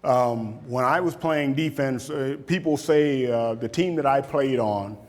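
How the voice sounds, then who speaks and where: A man in his fifties, a football coach, giving a motivational talk and taking questions, animated and repeating words for emphasis. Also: mid-range voice, measured pace. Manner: animated, acts out shouted quotes, laughs often. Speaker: football coach speaking at a camp.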